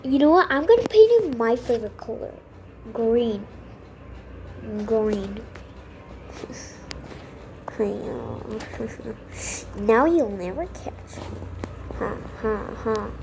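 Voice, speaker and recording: High-pitched young woman muttering while gaming. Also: lively intonation, a little slow, noisy background. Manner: exasperated, muttering, dramatic outbursts. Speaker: gamer. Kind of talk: gaming commentary.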